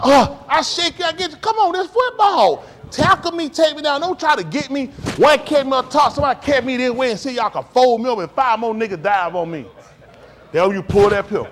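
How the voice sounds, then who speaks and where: A man giving a casual talk to a congregation, blunt and joking, acting out plays as he talks. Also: extremely high pitch. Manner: blunt, ranting. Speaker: speaker addressing a congregation.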